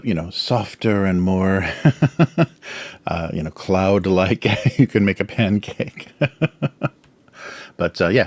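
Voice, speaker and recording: A cartoonist hosts a laid-back drawing livestream, his voice low and somewhat dark. He rambles with plenty of fillers, chuckles a lot, and talks through mouthfuls of snacks.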